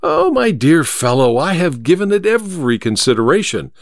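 A man reading an audiobook, voicing a cool, confident male detective who speaks in a crisp, amused, measured way. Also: fairly high pitch, big pitch swings, dry recording, clean studio sound, pitched above the performer's own voice. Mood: resolute.

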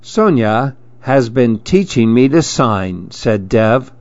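Slow, unhurried man reading picture books. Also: medium pitch, big pitch swings, darkish tone, no room sound, muffled recording. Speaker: storybook reader.

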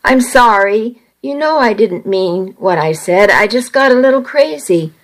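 A woman reading the lines of a grown man, a boyfriend who is moody at first and then tender, in a flat, unhurried way. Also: mid-range voice, close to an everyday voice. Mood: apologetic.

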